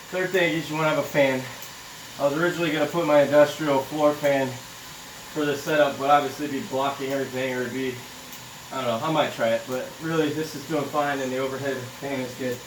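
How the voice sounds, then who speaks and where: A Florida man with a slightly high voice, out of breath, walks through his home cycling trainer setup in an easygoing, rambling demo full of ums. The recording comes from off-mic in an echoey carpeted room with an overhead fan, with a little hiss or hum.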